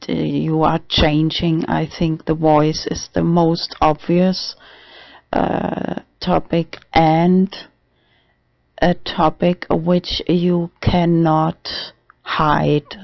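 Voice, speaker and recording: A trans man talking haltingly in a casual video diary, with many restarts and fillers. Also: fairly high pitch, level tone, gravelly, no echo. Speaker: vlogger. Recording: dull dry lo-fi recording.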